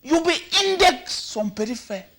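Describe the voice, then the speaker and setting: Animated high-voiced Cameroonian man. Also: moderate pace, gravelly. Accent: Cameroonian Pidgin English. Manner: animated, shouting, switching between languages. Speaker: comedy commentator. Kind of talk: comic commentary.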